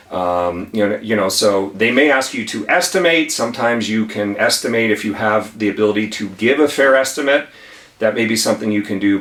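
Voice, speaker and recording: A man with a fairly low, slightly bright voice, an attorney, gives a conversational whiteboard lesson on legal tips, stressing and repeating key phrases. He's recorded from a distance on a camera mic in an echoey room with a whiteboard.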